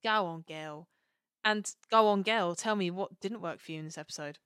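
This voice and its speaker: Excitable woman co-host, gushing chat, dry close sound. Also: on the low side, moderate pace, clear, resonant tone, no room sound. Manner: gushing, excitable, acts out quotes. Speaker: podcast co-host. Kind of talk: casual chat.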